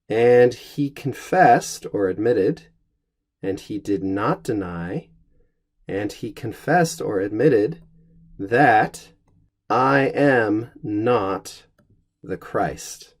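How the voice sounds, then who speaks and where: A man teaching a Latin lesson, speaking in a measured, explanatory way and slowing down to pronounce the Latin. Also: fairly low pitch, lively intonation.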